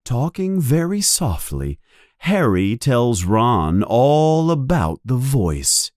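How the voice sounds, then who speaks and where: Brief: male narrator, deliberate and clear, dry close recording. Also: medium pitch, big pitch swings, a little mellow, dry recording. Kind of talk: slow simplified story reading.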